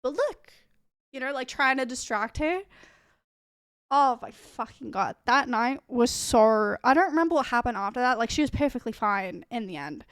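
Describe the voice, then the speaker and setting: A woman's voice: a little high, fairly bright tone, no room sound, clean studio sound. A young woman streamer telling a casual, rambling story full of fillers and swearing.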